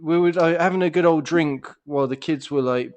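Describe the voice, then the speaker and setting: Lad, fairly high voice, swears and laughs through casual podcast banter. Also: male voice, brisk, darkish tone, muffled recording. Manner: swears a lot, laughs often, rambling storyteller. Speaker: podcast co-host.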